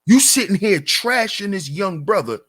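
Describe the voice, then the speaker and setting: Guy ranting on his channel, husky voice swinging all over, keeps repeating questions for emphasis. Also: high voice, animated, normal speed, a bit bright. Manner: emphatic, repetitive rhetorical questions. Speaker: channel host. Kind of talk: commentary rant.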